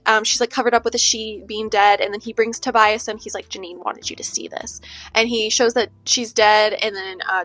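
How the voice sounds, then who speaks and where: A woman's voice: fairly high pitch, a bit bright. A woman talking casually in a book vlog, chatty, with many fillers and asides like "okay?". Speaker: book vlogger. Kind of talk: casual chat. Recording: faint music under the voice.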